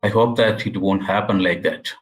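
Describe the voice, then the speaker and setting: Man, low voice, lecturing, halting with restarts, earnest. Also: fairly even intonation, poor audio. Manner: halting, with frequent restarts and repeated words; earnest and explanatory. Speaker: university lecturer. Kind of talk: academic lecture.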